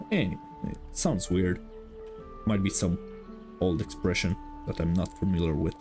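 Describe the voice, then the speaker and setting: Mellow-voiced young man swearing through gameplay. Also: low-pitched, lively intonation, moderate pace, faint music behind. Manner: swears freely, thinks aloud, sighs. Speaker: gaming channel host. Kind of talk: casual game commentary.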